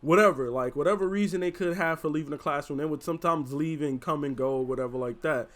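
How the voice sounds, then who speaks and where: A man's voice: a little high, fast. A young man telling a story in casual slang, swearing often and filling his talk with "you know what I'm saying" and "bro". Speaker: storyteller host.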